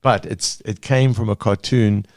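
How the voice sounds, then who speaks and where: A very low-voiced man speaks haltingly, full of fillers and restarts. His voice is close and dry, with no room sound. He talks as a podcast guest about his work. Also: steady tone, a little mellow, dry recording. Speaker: guest cartoonist. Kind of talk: podcast interview.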